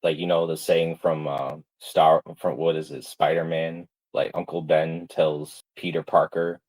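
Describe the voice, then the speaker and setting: A man's voice: extremely low pitch, level tone, unhurried, hardly any pauses, darkish tone, low-quality recording. A man ranting in casual talk, packed with "like" fillers and swearing, and stressed. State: stressed, subdued. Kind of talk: casual livestream rant.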